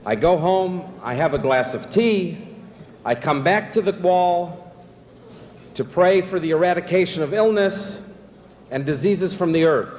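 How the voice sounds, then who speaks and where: A man voicing a sincere, persistent old Jewish man in a joke, speaking plainly and unhurried. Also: sits high, expressive, a little mellow, in a large hall, slight background noise. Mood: matter-of-fact.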